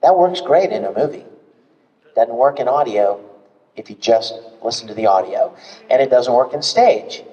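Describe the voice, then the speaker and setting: A man speaking as the guest voice actor at a convention fan panel, telling stories in an animated way and acting out examples, heard in an echoey hall from far off. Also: medium pitch, normal speed, highs cut off. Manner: animated, acts out examples with big swings.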